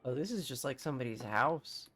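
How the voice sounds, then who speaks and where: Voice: medium pitch, animated, brisk, fairly bright tone, breathy edge, faint music behind. Streamer, casual let's-play talk, reads on-screen text aloud, swears now and then.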